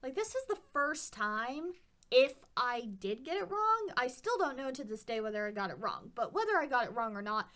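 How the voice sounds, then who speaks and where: A woman's voice: high-pitched, very animated, normal speed, a bit bright. A woman telling a story in a casual, rambling way, with wry asides about herself. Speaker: vlogger.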